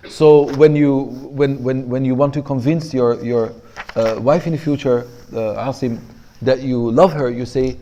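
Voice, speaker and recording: A man teaching a class on Arabic rhetoric, explaining in English and reading Arabic passages aloud quickly, relaxed and joking with his students. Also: medium pitch, dull audio.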